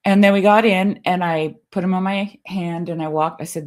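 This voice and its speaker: A middle-aged woman, a guest, telling stories in a casual, animated way, often laughing and acting out what others said. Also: normal speed. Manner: animated, laughing storyteller who acts out quotes in a varied pitch. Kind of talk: casual conversational storytelling.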